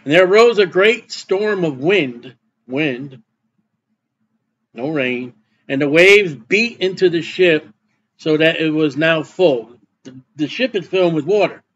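High-voiced male preacher, lo-fi recording. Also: animated, slow pace, fairly bright tone. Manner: reads verses then explains in plain asides. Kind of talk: sermon, Bible reading with commentary.

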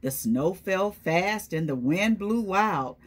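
A woman reads a storybook aloud to preschoolers in a slow, sing-song voice that swoops up and down. Her tone is a little low and breathy. She keeps stopping to quiz the little ones by name. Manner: animated, questioning the children and calling on them by name. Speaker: children's storytime presenter. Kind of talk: reading a picture book aloud to young children.

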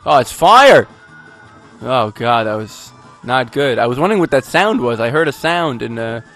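This gamer's mid-range voice is sing-song and fairly bright, moving at a moderate pace with faint music in the background. As he plays, he rambles through goofy, self-deprecating commentary punctuated by sudden outbursts.

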